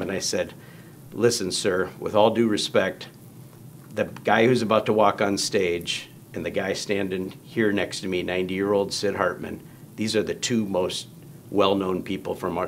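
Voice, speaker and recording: A man's voice: low voice, level tone, moderate pace, vocal fry, a little hiss or hum. A man telling a long story in casual conversation, acting out quoted lines in raised voices. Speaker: guest storyteller.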